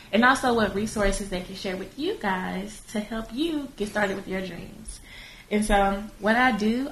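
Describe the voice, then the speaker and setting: A woman's voice: medium pitch, a bit bright. Laughing podcast host woman in echoey room. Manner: laid-back, laughs easily, chatty. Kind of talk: casual interview chat. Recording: echoey room, faint noise.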